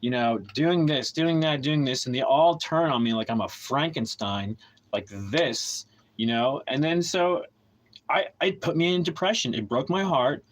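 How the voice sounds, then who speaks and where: A man with a somewhat higher voice rants on his livestream, heated and bitter. He swears constantly and circles back over his points with stumbles and restarts. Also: unhurried, low-quality recording. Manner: heated, profane, rambling with many restarts; bitter and aggrieved. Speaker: livestream host. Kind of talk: ranting livestream monologue.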